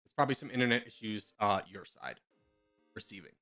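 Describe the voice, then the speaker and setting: A man's voice: fairly low pitch, animated, a little fast, bright, forceful tone, faint music behind. A young man streaming from home, rambling and joking as he answers viewers' questions in casual chat.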